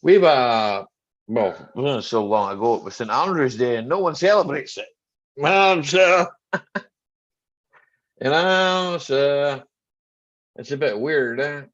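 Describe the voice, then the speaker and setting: A man's voice: mid-range voice, takes it slowly, long pauses, fairly bright tone. A middle-aged Scottish man hosting a casual live chat from home, greeting viewers by name and joking. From Scotland. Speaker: live stream host. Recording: slightly dull lo-fi live stream audio.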